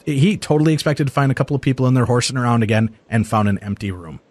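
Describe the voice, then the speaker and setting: A man hosting a radio talk show, telling a story in a lively casual way and acting out the people he quotes. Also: medium pitch, quick pace, no echo. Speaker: radio host. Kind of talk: casual radio interview chat.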